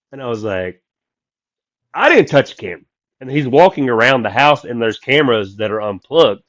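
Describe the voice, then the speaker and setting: A man telling a story from the road in casual chat, animated and acting out the people he quotes. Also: mid-range voice, moderate pace, no echo. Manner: animated, acts out quoted voices loudly. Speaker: comedian guest.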